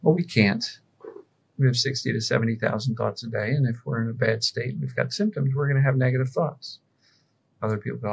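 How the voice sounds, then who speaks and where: A man's voice: mid-range voice, steady tone, fairly quick, poor audio. A man from Pennsylvania, a mind-body coach, explaining his approach as an interview guest and answering his own rhetorical questions. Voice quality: gravelly, very husky voice.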